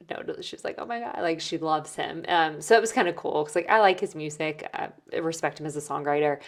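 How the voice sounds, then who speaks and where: Female host, low voice, casual storytelling recap, filler-heavy. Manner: chatty, many "like" and "um" fillers. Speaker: podcast host.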